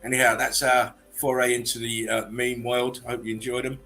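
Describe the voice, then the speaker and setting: A man's voice: mid-range voice, level tone, moderate pace, pushed and bright, soft background music. A man hosting a livestream chat show, talking in a loose, chatty way and laughing easily. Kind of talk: casual chat.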